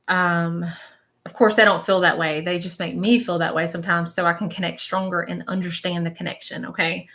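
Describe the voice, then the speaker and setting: A woman's voice: fairly low pitch, flat delivery, brisk, a bit bright. A woman leading a live-stream reading as a spiritual medium, chatty and reassuring, often checking in with her viewers.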